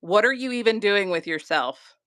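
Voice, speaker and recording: An exasperated Southern fairy godmother, put on by a woman, scolding in a fed-up, mock-stern way. Her voice sounds bright and forceful. It is recorded dry and close. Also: mid-range voice, expressive, moderate pace, dry recording, natural voice.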